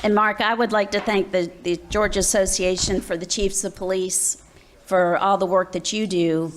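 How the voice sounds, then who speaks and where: A woman's voice: medium pitch, steady tone, moderate pace, a little hiss or hum. A woman presiding over a city council meeting, thanking people and announcing agenda items in a plain, conversational way. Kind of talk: chairing a public meeting. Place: council chamber.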